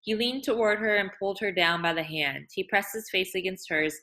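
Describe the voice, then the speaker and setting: A woman reading a novel aloud in a measured way, with occasional restarts. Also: mid-range voice, sharp tone. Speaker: audiobook reader.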